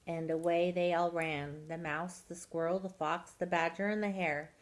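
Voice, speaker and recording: A woman reading a children's picture book aloud at storytime, expressive and drawing out soft words. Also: on the low side, normal speed, poor audio. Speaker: storytime reader.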